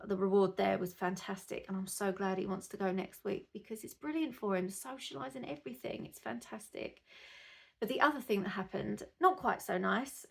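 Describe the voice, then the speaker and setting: Chatty mum with a gravelly edge. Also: female voice, mid-range voice. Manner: chatty, rambling, grows indignant. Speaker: mother vlogger. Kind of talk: casual chat to camera.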